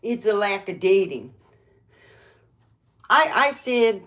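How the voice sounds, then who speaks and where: A woman's voice: mid-range voice, big pitch swings, takes it slowly, long pauses, a bit bright. Chatty woman rambling through comedy talk. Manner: chatty, meandering, frequent restarts. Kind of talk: rambling stand-up monologue.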